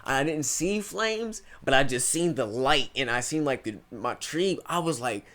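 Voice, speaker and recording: Here a twenty-something from Ohio, USA, rambles through stories as a guest in a relaxed interview, tossing in "bro" again and again. He speaks unhurriedly at a medium pitch, with lively intonation and a slightly bright sound.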